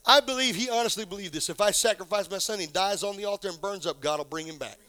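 A male pastor delivering a sermon in a high, bright, ringing voice. He sinks into quiet, low passages, then climbs back up to fervent shouts. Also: quick pace, a little hiss or hum. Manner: preacher building to shouted exclamations; drops to a low hush for emphasis.

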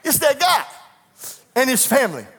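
A man's voice: very high voice, wildly swooping pitch, moderate pace, fairly bright tone, husky, in a large hall. A middle-aged man, a pastor, preaching a sermon that moves from personal storytelling into fervent preaching in a church. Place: church sanctuary.

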